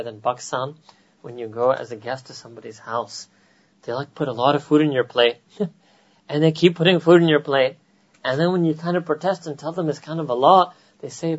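A man with an American accent giving an animated religious lecture to a gathering, often asking "right?" and dropping in Urdu phrases. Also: on the high side, lo-fi sound. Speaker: Islamic teacher.

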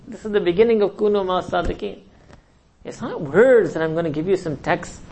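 A man's voice: high-pitched, animated, normal speed, a little mellow, a little hiss or hum, low-quality recording. A man preaching a sermon and telling a story, asking the audience rhetorical questions, chuckling often and acting out quoted dialogue. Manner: chuckles often while speaking. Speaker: Islamic teacher.

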